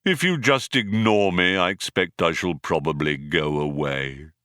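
A man voicing a gloomy, depressed male robot in an audiobook, with a muffled, mournful drone and slow, dejected delivery. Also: deep voice, sharp tone, clear, resonant tone, no room sound, studio quality, voice pushed down. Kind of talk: audiobook character voice.

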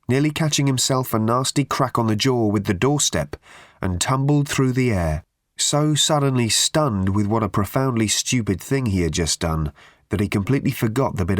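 A man narrating an audiobook with dry, expressive storytelling. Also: on the low side, normal speed, no echo. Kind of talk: scripted narration.

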